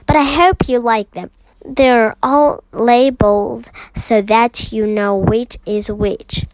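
A woman's voice: on the high side, steady tone, slow pace, dry recording. Paddington, a polite young bear, read by a woman. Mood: earnest. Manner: apologetic, earnest.

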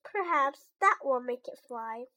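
A woman voicing a calm, patient male frog who encourages his friend, in a children's storybook read-aloud. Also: high-pitched, a little slow, exaggerated voice. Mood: encouraging.

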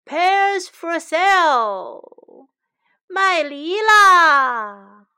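A woman voicing a greedy, stingy man who sells pears and shouts at people, read bilingually in a children's storybook. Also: fairly high pitch, very animated, slow pace, exaggerated voice.

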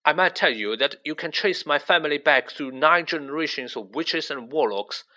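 A man's voice: a little high, lively intonation, moderate pace, bright, forceful tone. A man voicing a nervous, pompous schoolboy wizard who talks in a quivering, stubborn and defensive way, in a storybook reading.

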